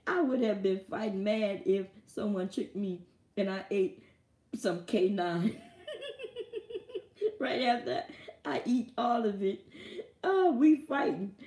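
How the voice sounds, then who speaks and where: A woman from the United States, a live streamer telling a profane, animated story and laughing often, alone in a small room at home. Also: medium pitch, takes it slowly, long pauses, roomy sound. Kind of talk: casual storytelling monologue.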